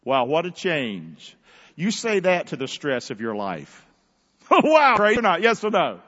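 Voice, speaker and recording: A man's voice: on the high side, wildly swooping pitch, measured pace, muffled recording. Fiery preaching man in a big hall. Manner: fiery call-and-response preaching, shifting from hushed to shouting. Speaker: pastor. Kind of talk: sermon. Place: large church hall.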